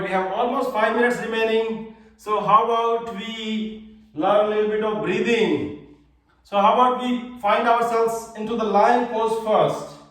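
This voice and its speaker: A man's voice: sits high, fairly bright tone. A man teaching a live online yoga class for children, giving cheerful, simple step-by-step cues. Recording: very echoey room, voice far from mic.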